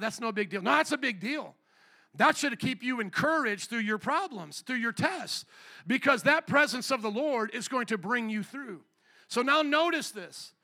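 A male pastor preaching a live sermon in a church, energetic, questioning the congregation and calling for responses. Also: sits high, creaky. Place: church sanctuary.

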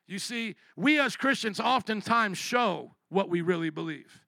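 A man's voice: high-pitched, expressive, measured pace, gravelly, few pauses, no room sound. A man preaching a sermon, impassioned and emphatic, sometimes acting out voices of the people in his examples. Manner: impassioned, rising to loud emphatic peaks.

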